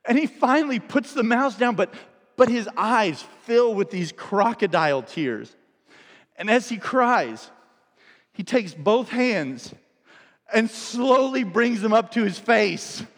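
High-voiced male pastor, hall echo. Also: expressive, slow pace, a bit bright. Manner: storytelling, playful, builds comic timing. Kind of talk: sermon.

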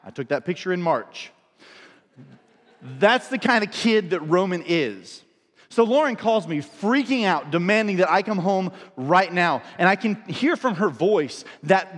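A man's voice: sits high, animated, unhurried, fairly bright tone, in a large hall. A man in his thirties, a pastor preaching a sermon with playful storytelling and comic timing.

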